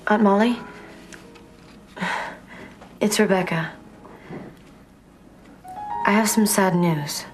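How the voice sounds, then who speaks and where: A woman's voice: medium pitch, extremely slow, pauses often, over music. An earnest, caring young woman. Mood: sad. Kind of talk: scripted TV drama acting.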